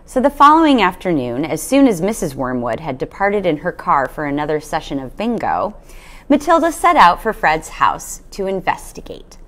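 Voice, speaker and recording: A woman reading a children's novel aloud, with an expressive storytelling manner. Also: on the low side, moderate pace. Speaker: storybook reader.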